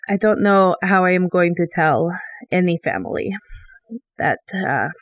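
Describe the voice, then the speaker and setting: A woman doing a halting, grieving adventurer. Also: medium pitch, no echo, natural voice. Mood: somber, grieving. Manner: halting, emotional, pausing in character. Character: grieving adventurer with a Castillian-style put-on accent. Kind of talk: in-character monologue in a tabletop game.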